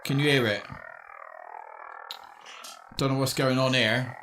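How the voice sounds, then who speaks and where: A man's voice: mid-range voice, fairly even intonation, slow, a bit bright. English guy on his ham radio, chatty, friendly, bit of hiss behind him. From England. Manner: chatty, friendly, talks to himself between contacts. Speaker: amateur radio operator. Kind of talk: casual on-air radio chat.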